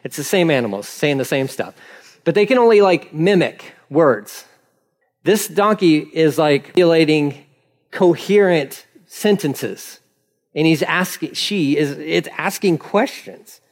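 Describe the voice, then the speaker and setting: A male pastor preaching in a relaxed, conversational way, with a fairly high voice. He is animated and laughs often as he retells the story. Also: measured pace. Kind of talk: casual sermon.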